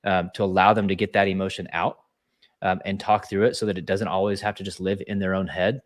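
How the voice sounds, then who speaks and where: A man's voice: low voice, level tone, quick pace. A man speaking as a leadership speaker in a casual webinar, talking earnestly in a coaching way with frequent restarts.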